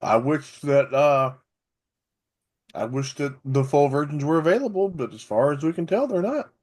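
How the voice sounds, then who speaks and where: A man from Arkansas with a softened South Arkansas accent, co-hosting a casual podcast chat and explaining things carefully with small restarts. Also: fairly high pitch, lively intonation, moderate pace. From Arkansas, USA. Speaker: podcast co-host.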